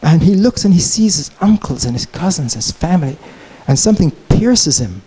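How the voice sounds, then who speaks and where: A man giving a conference keynote lecture, telling a story in an animated, digressive way. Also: fairly high pitch, normal speed, slightly rough, low-quality recording. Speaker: keynote speaker. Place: conference hall, Chicago.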